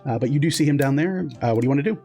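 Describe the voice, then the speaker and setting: A man's voice: fairly high pitch, very fast, mellow, soft background music. A man narrating as game master of a tabletop game, casual with lots of fillers and restarts.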